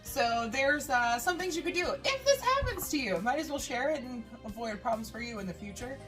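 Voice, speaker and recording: A woman's voice: sits high, animated, a little fast, over music. Chatty woman demonstrating a recipe. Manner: chatty, rambling, lots of "uh" and laughs. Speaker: baking vlogger. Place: home kitchen.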